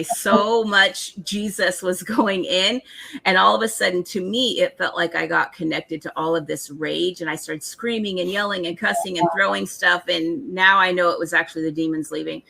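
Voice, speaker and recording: A woman telling a personal testimony in a halting, emotional way, with many restarts. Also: on the low side, vocal fry, bright, forceful tone.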